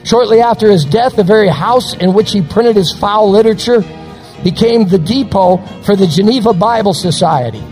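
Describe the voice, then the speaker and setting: A male pastor preaching a sermon, dramatic and slowing down for quotations. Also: high-pitched, animated, a little mellow, big-room sound, soft background music, poor audio. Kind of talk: recorded sermon on radio.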